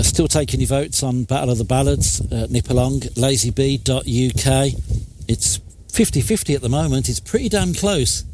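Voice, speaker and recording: A man hosting a live radio show, telling a jokey story in a chatty, animated way. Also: mid-range voice. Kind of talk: casual radio chat. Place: radio studio.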